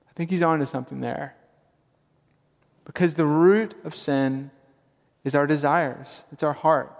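A man with a fairly high voice preaches a sermon in a church sanctuary, pressing hard on his main points. He slows down and repeats the key lines so they land. Long reverb from the big hall trails each phrase. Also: gravelly. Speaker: pastor.

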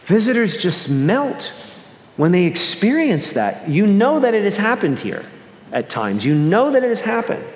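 With a high, very animated voice and a measured pace, a Northeastern American pastor delivers his sermon. He speaks earnestly, frequently starting phrases over and varying his speed. The sanctuary is echoey, with a long reverb tail.

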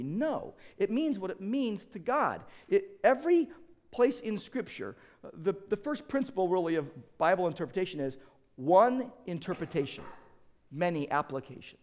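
A middle-aged male pastor preaching an animated sermon, acting out quoted voices and often restarting his sentences. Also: sits high, normal speed.

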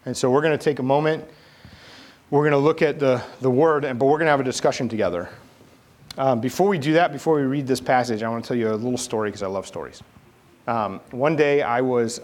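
A middle-aged man preaching a sermon from the United States, talking in a relaxed, conversational way and telling a personal story with lively delivery. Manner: conversational, animated storytelling with rising pitch in quoted dialogue. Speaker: pastor.

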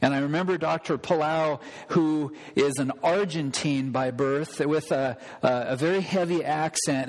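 A pastor delivering a sermon, emphatic and repeating key phrases for weight. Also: male voice, a little high, measured pace, few pauses. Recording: long reverb of a large hall.

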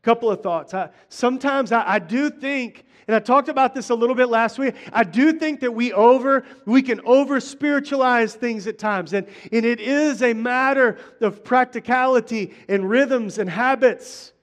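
A middle-aged male pastor preaches in a conversational style, frequently restarting phrases and addressing the congregation directly. His voice is very high, at a normal speed with hardly any pauses.

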